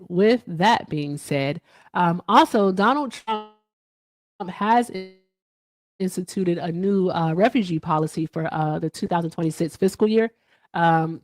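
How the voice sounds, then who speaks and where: Woman, livestream host, casual chat, lowish voice, dry close sound, laughs a lot. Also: a little mellow, dry recording. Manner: chatty, laughs often, trails off.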